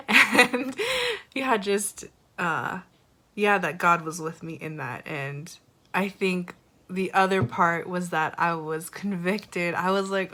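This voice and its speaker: A young woman gives a candid personal testimony from her church's devotional series. Her voice sits slightly on the low side for a woman. She rambles openly, leaning on fillers and self-conscious little laughs. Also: fairly bright tone. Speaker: church member sharing a devotional.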